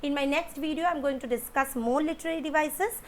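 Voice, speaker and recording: A woman's voice: high-pitched, a little fast. A woman giving a video lesson, explaining patiently, repeating her points and often saying "okay". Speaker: teacher.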